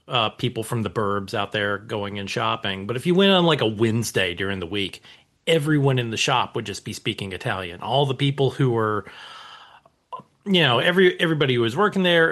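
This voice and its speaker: A man's voice: mid-range voice, lively intonation, fairly quick, fairly bright tone. Man, easygoing co-host, anecdotal rambler. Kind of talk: casual chat.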